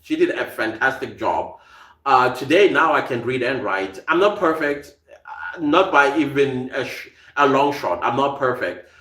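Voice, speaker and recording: A man's voice: medium pitch, animated, a little slow, sharp tone, echoey room. A South African man with a slight American tinge to his accent, hosting a live podcast and reading out viewer comments, chatty and laughing often. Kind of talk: casual live-stream chat.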